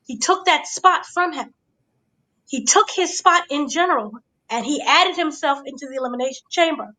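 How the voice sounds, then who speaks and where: A high-pitched woman hosts a casual wrestling recap. She talks in an animated way and acts out the wrestlers' lines as she goes. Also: normal speed, poor audio. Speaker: host.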